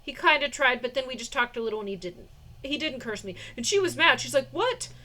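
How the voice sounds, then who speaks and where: A woman's voice: high-pitched, expressive, fast talker, sharp tone. A woman vlogger telling a personal story in a rambling way, with restarts, fillers and short suspicious laughs.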